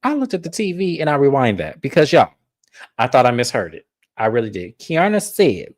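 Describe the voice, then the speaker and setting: A podcast co-host with a bass voice speaks fairly quickly, giving a casual, profane recap of a reality TV episode. She tells it with energy, swearing and acting out the cast members' lines.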